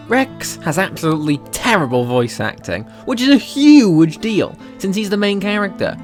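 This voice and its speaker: Welsh male YouTuber, casual commentary, emphatic and sarcastic, very lively pitch, light music bed. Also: normal speed, few pauses. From Wales. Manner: animated, sarcastic, emphatic, swears freely.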